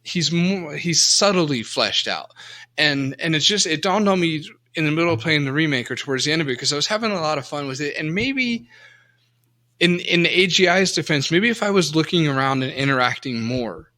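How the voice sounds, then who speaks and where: Man, podcast co-host, bright voice, rambling casual chat, lots of restarts. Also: on the high side, expressive, fairly quick. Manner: rambling, many restarts and fillers, self-mocking. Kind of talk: casual chat about retro games.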